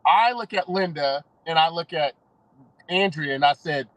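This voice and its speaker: High-voiced chatty man, dry sound. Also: moderate pace, fairly bright tone, no room sound, poor audio. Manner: rambling, enthusiastic, laughs often. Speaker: podcast co-host. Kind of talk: casual chat.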